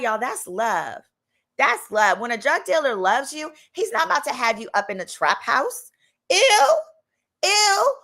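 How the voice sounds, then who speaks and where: A woman's voice: on the high side, fairly bright tone. A woman attorney and host telling a personal story in a casual, sassy way, jumping into voices for the people she quotes.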